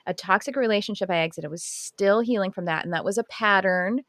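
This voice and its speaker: A woman chatting on a podcast, telling a story in a rambling, animated way and correcting herself mid-sentence. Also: mid-range voice, a little fast, no room sound, clean studio sound. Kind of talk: casual podcast chat.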